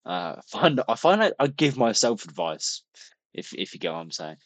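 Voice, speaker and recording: A man's voice: medium pitch, very animated, moderate pace, dry recording. A young man, talking casually to camera in a rambling, chatty vlog, full of restarts and the odd swear. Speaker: vlogger.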